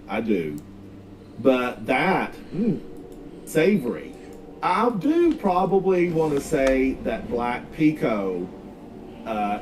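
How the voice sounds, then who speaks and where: Slow, drawling Southern man streaming. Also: mid-range voice, darkish tone. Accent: Southern US, North Carolina. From North Carolina, Smoky Mountains. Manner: rambling, folksy, drawls out words. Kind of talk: casual gaming livestream chat. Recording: distant mic, faint background noise.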